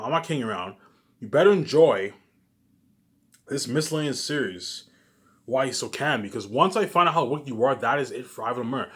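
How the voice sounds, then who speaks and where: Man, vlogger ranting, rapid-fire delivery, profane, repetitive, loud then muttering. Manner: agitated, profane, repetitive, with many restarts; swings between loud outbursts and low muttering. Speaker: YouTube vlogger. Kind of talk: ranting monologue to camera.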